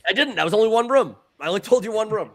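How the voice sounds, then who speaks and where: A man chats on a podcast in a slightly high voice. He swears freely and tells stories with animated energy, often repeating words as he goes. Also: rapid-fire. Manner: profane, animated storyteller who repeats words. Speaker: podcast co-host. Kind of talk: casual podcast chat.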